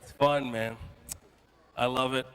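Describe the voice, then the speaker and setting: A man from Kuwait performing a stand-up comedy set to a live audience, animated and quick to switch into character voices. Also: medium pitch, low-quality recording. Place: event hall with live audience.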